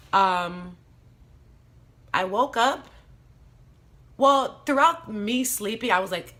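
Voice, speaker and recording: Candid young woman with a bright voice. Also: lowish voice. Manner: candid, blunt, swears, frequent fillers. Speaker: vlogger telling a personal story. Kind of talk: casual storytime monologue.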